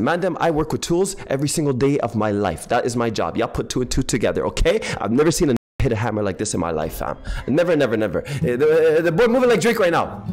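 A man of Ethiopian background giving casual gaming commentary in animated, excitable, slangy banter, tired and half awake. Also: a little high. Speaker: game streamer. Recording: voice over game audio and faint music.

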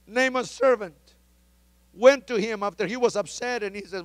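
Male pastor, very high voice, dry close sound, fervent emphatic sermon delivery that builds to shouts. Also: normal speed, dry recording. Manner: fervent, emphatic preaching with repeated exhortations; rises to shouted pleas.

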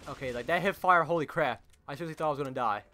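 A young man gives live commentary as he plays, his voice bright and a touch high for a man. He is jumpy and excitable, calls out to his teammates and fills his sentences with "like". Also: very fast, a little hiss or hum. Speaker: gaming channel host.

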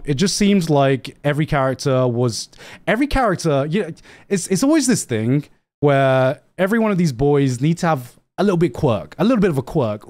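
A man from the United Kingdom, streaming and telling rambling, profanity-laced stories. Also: high voice. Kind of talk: casual stream commentary.

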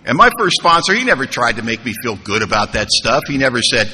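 Guy telling his story at a recovery meetup, very bright sharp voice, big echoey hall, bit of room hiss. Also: mid-range voice, expressive, fast. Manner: humorous, conversational, asks the room rhetorical questions. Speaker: recovery meeting speaker. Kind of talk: storytelling talk at a recovery convention. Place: large conference hall. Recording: hall reverb, faint room noise.

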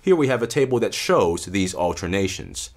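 A man delivers a careful academic lecture, pausing to stress key terms. His voice sits low, yet his pitch moves widely and keeps the talk animated.

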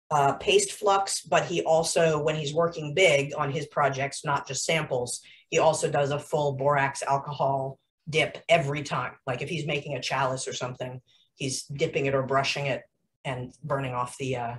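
A woman's voice: low-pitched, steady tone, moderate pace, distant mic, slight background noise, rough recording. A woman teaching a jewelry-making class over a video call, explaining chattily with frequent ums and restarts. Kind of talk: live online class instruction.

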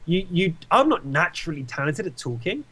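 A young game caster being interviewed gives casual advice and tells stories, animated and emphatic, often repeating himself. His voice is a little high, fairly quick, and husky.

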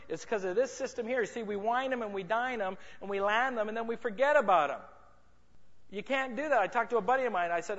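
High-voiced man giving a seminar talk. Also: fast, a bit bright. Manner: jokey, playful, bantering with audience members. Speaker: sales and marketing speaker. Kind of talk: motivational seminar talk to a live audience. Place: large conference room. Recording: muffled reverberant hall recording.

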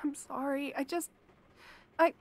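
A woman's voice: high-pitched, fairly even intonation, measured pace, creaky. A young woman acting a frightened captive in an audio drama, stammering and pleading. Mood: nervous, placating. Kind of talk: audio role-play.

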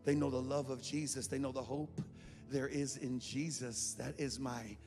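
A man preaching an altar call to a congregation, fervent and rising to shouts, recorded live in a church. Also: medium pitch, steady tone, moderate pace. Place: large church sanctuary. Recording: live in a reverberant church with music.

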